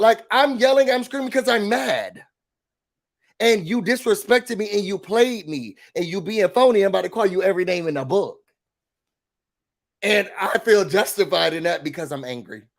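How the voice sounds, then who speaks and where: A man hosting a casual livestream recap, talking in an animated, sassy way and pushing his opinions hard. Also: sits high. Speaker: YouTube recap host.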